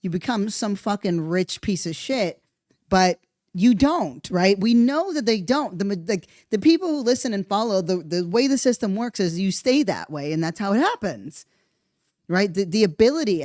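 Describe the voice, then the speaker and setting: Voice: medium pitch, a little mellow, no echo, clean studio sound. A podcast host giving a casual monologue, rambling and profane, thinking aloud and tagging points with "right?".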